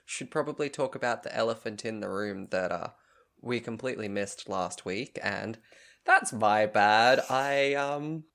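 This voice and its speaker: A man's voice: lowish voice, unhurried, gravelly, a bit bright. A man co-hosting a podcast in casual chat, dry and teasing, often laughing. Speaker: podcast co-host.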